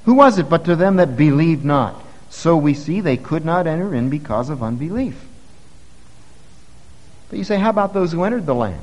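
Male pastor, slightly high voice, earnest sermon with forceful peaks, church reverb. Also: lively intonation, normal speed. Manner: earnest preaching, rising to forceful emphasis. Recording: long reverb of a church hall.

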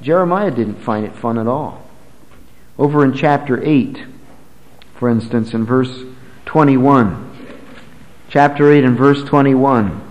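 A man preaching a sermon, swinging from loud, high emphasis to low, quiet lines, and reading scripture aloud in old-fashioned English. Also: slow pace, pauses often, long reverb tail, muffled recording. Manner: emphatic, rises and drops sharply in pitch and volume.

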